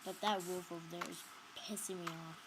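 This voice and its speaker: A woman's voice: fairly low pitch, steady tone, brisk, noisy background. A woman giving casual commentary on her own gameplay, talking to viewers and shrieking when startled. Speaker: gamer narrating her play.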